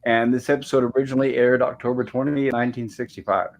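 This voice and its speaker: A man's voice: mid-range voice, flat delivery, fast talker. A man hosting a live-streamed review show, greeting viewers and reading chat messages aloud in a friendly, rambling way. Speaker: podcast host.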